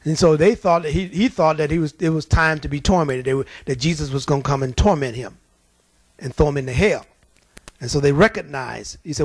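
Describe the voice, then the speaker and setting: Male preacher, high voice, lively storytelling, dry close sound. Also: brisk, breathy edge, no echo. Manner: animated storytelling with acted-out voices. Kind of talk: sermon.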